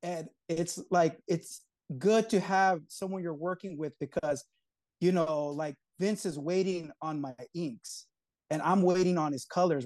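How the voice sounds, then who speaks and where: A man with a high voice tells a story in a casual interview, acting out each person's lines with lively energy. His speech is loose and peppered with swearing. The recording is very dry and close. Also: no room sound. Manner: lively storyteller who acts out quoted dialogue, casual swearing. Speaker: comic co-creator, guest.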